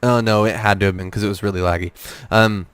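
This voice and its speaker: Low, smooth-voiced young man telling stories. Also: fairly even intonation, quick pace, a bit bright, no room sound. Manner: rambling storyteller, many fillers and restarts. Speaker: guest. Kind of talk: casual podcast interview.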